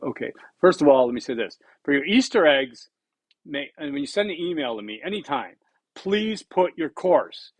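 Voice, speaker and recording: A man's voice: on the high side, animated, normal speed, no echo. A man in his sixties giving a recorded college lecture, blunt and conversational, repeating points for emphasis. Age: 60s. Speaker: college instructor.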